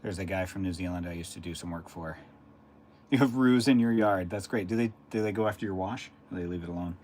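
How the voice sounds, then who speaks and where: Streaming from a room at home with faint background hiss, a deep-voiced man rambles and answers his chat casually. He talks fast with a darkish tone and little movement in pitch.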